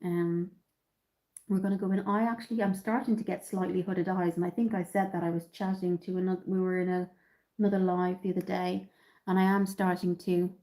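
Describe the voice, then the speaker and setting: Hosting a makeup livestream, this Irish woman from Dublin talks through her tutorial, reading viewers' comments aloud and replying, with lots of ums. Her fairly low voice has a dark tone, little pitch movement and a brisk pace, plus a slight nasality from a cold coming on. The audio is poor.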